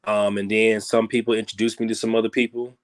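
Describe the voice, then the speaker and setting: A man talking as a guest musician in a casual interview, rambling loosely and peppering his talk with "you know what I'm saying", growing animated when he makes a point. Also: fast talker. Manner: grows animated and higher when making a point.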